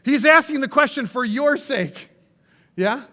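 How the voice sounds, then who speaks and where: A man's voice: extremely high pitch, expressive, measured pace, pushed and bright, long reverb tail. A man preaching a sermon in a conversational way, often checking in with the listeners. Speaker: pastor.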